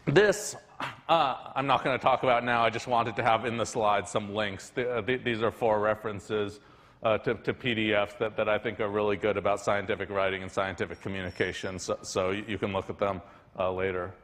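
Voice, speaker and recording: A man's voice: lowish voice, steady tone, a little fast, fairly bright tone. A man giving a university lecture in a conversational way, often restarting his sentences. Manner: conversational, frequent restarts and fillers. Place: lecture hall. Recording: lecture hall with long reverb.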